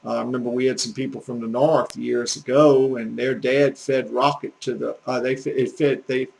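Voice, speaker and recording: Older man, Southern US accent, gravelly, rambling folksy talk, earnest homespun lecturing. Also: mid-range voice, little pitch movement, moderate pace, darkish tone, low-quality recording. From American South, Gulf Coast. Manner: folksy, earnest, preachy storytelling. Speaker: YouTube language teacher. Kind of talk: casual rambling monologue.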